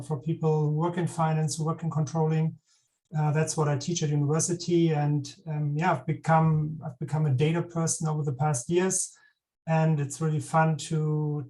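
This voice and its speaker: A middle-aged man with a German accent giving a conference talk over a video call, speaking in a relaxed way with many fillers and restarts. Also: a little high, distant mic, poor audio. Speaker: guest speaker, business professor. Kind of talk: conference presentation.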